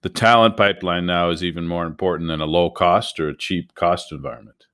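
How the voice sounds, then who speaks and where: A male interviewer asking measured questions and summing up what his guest has said. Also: sits low, steady tone, fairly bright tone, clear, resonant tone. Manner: measured, paraphrasing the guest's points.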